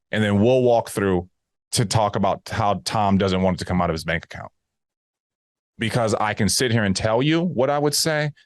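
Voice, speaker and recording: A man's voice: on the low side, no room sound, studio quality. A man talking casually and emphatically as he mentors a new insurance agent, often acting out sales calls. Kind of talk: casual coaching talk.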